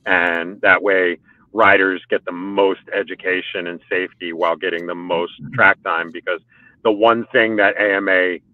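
This deep, low-voiced man is a motorcycle track day organizer and riding coach, chatting loosely on a casual podcast about coaching riders. His intonation stays fairly even at a moderate pace, and he rambles with heavy fillers and frequent restarts. The audio is dry, with no room sound, and comes through a narrow, phone-like line.

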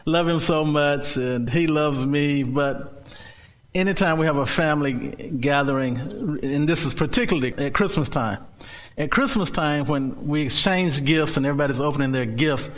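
A male pastor preaching a sermon in an animated way, laughing often and bursting into shouts. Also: fairly high pitch, moderate pace.

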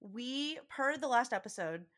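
Young woman podcast co-host, bright and forceful voice, pitched a little high, animated storyteller. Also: unhurried. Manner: animated storyteller, laughs often, acts out quoted voices. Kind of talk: casual chat.

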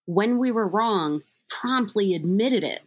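A young woman speaks candidly about her own past, chatty and self-deprecating, leaning on casual fillers. Her voice sits at an ordinary middle pitch, and her tone stays open and conversational. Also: animated, slow. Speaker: guest sharing recovery story. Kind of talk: candid personal storytelling.

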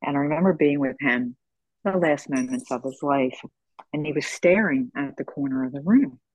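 A woman in her sixties, hosting a podcast, who tells stories in a gentle, unhurried way. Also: a bass voice, breathy edge, no echo. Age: 60s. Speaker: podcast host. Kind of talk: conversational storytelling. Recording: slightly dull lo-fi sound.

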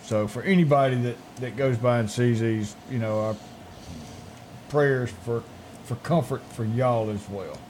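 Man, morning show sidekick, mid-pitch, easygoing, faint room noise. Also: a little slow. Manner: laid-back, short agreeing replies, quiet when earnest. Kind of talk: casual morning show chat.

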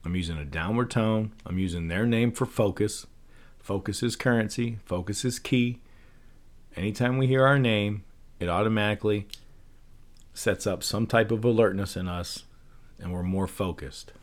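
A man with a low voice hosts his own podcast. He talks in a casual, rambling way, full of fillers and quick rhetorical checks with the listener. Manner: loose and conversational, many fillers, rhetorical "right?". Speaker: podcast host. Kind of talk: casual solo talk on persuasion and parenting.

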